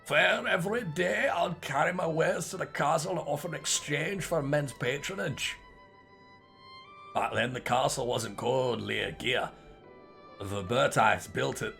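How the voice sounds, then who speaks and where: A small creature merchant talks about the old days, wistful and measured, yet never forgets to name a price, as a man reads the part. The voice has a gravelly edge and a bright, forward tone. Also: medium pitch. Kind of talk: reading game dialogue aloud.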